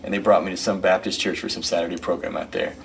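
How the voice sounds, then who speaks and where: Man, fast talker, lowish voice, rambling anecdotes, interview guest, a bit distant from the mic, faint background noise. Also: gravelly. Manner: rambling, animated anecdotes full of "you know" and "man". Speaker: guest musician and record producer. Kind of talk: casual interview storytelling.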